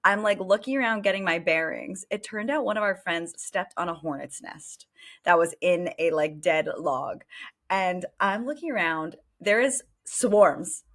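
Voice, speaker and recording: A woman co-hosting a podcast, telling a story in a casual, animated way, full of fillers and swearing. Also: on the low side, a little slow. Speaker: podcast co-host.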